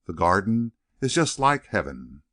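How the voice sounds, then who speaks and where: A man voicing a wistful old servant with a soft drawl. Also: lowish voice, big pitch swings, measured pace. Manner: soft Southern drawl, musing. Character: elderly male servant, gentle and wistful. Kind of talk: audiobook character reading.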